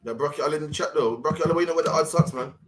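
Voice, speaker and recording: A man's voice: a little high, very fast, a bit bright. A man co-hosting a live stream, ranting emphatically and swearing in casual commentary. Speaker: stream show co-host.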